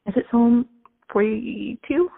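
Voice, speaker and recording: A woman's voice: a little high, slow pace, vocal fry, breathy edge. A woman podcast host responding reflectively and affirming her guest in conversation. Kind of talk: conversational interview. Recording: tinny phone line with long reverb.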